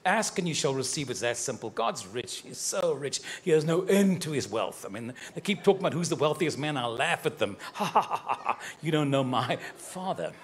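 In a live prophetic sermon, a man speaks straight to members of the congregation with fervor and warmth, cracking jokes and laughing as he prophesies over them. His mid-range voice swings widely in pitch, and he talks briskly with hardly any pauses.

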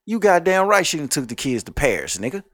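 A man's voice: on the high side, sing-song, fast, fairly bright tone, dry recording. A man hosting a podcast, ranting at listeners in a blunt, profane, scolding way. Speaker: podcast host. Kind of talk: ranting monologue.

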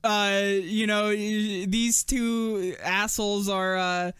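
A man's voice: high voice, level tone, slow, fairly bright tone, clean tone. A man hosting a casual podcast, laughing often and swearing freely in rambling talk. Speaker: podcast host.

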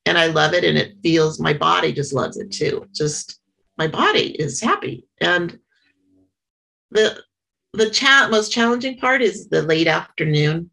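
Halting, earnest woman with a gravelly low voice. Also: expressive, sharp tone, rough recording. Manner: halting and earnest, many pauses and restarts. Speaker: member sharing at a support meeting. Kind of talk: personal share at a small meeting.

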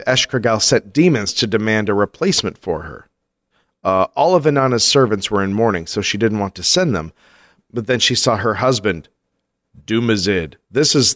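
A man's voice: on the low side, fairly bright tone, no room sound, studio quality. A man co-hosting a podcast, telling myths casually and breaking off with jokey asides. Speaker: podcast co-host. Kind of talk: casual storytelling chat.

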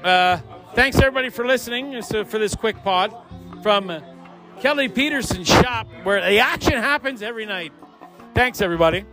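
A man's voice: high voice, lively intonation, a little fast, sharp tone. A man hosting a casual podcast among friends in a garage shop, joking and rambling as he interviews people, with music playing behind him. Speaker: host. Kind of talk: casual party podcast chat.

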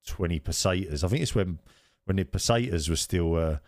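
Low-voiced man telling a story. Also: brisk, darkish tone, no room sound, clean studio sound. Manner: rambling, laughs at his own story. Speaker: podcast co-host. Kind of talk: casual storytelling chat.

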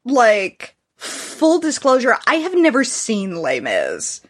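A woman in her thirties hosting a podcast, chatting casually with wry, deadpan humor. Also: on the high side, slow pace. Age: 30s. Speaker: podcast host. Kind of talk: casual chat.

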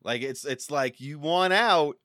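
A man's voice: fairly high pitch, a little slow, fairly bright tone, no echo, studio quality. A man playing a rambling, theatrical museum tour guide in a comedic improv role-play.

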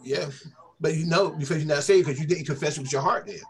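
A man's voice: a little high, fast. A man who is a church elder, explaining scripture step by step in a Bible study discussion.

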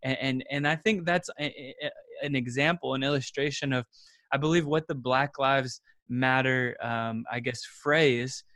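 A man's voice: mid-range voice, steady tone, moderate pace, a bit bright, no room sound, clean studio sound. A man in his thirties, a podcast guest, who talks earnestly in a casual interview and repeats words as he thinks.

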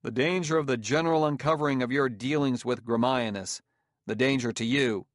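A man's voice: medium pitch, fairly quick, no room sound, clean studio sound, lightly acted. A man voicing a weary, stubborn middle-aged detective. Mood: guarded.

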